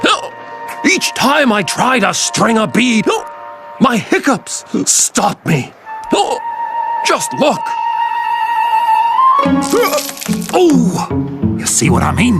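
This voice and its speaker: A performer voicing a gentle, excitable male monster in a cartoon who loves making bead necklaces, sighing "oh" often. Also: mid-range voice. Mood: rueful. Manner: fussy, with many drawn-out "oh"s. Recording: voice under loud cartoon music.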